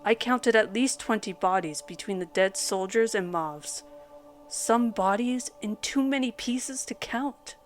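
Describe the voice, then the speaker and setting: A woman narrating a first-person horror story in a dramatic, measured storytelling manner. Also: medium pitch. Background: soft background music.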